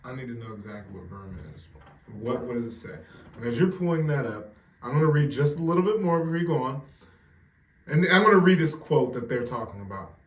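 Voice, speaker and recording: A man, co-hosting a casual podcast. He talks with animation and stumbles over his starts. His average-pitched voice carries the echo of a roomy space and sits a little back from the mic. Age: 40s. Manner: animated, quick asides, repeats words when starting. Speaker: podcast co-host. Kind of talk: casual chat. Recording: roomy sound, mic at some distance.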